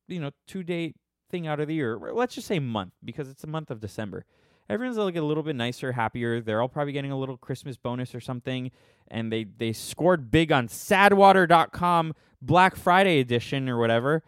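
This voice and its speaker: A man's voice: mid-range voice, smooth, no echo, studio quality. A man in his thirties hosting a podcast live stream from his phone, rambling casually in a joking, sarcastic, self-mocking way with many restarts.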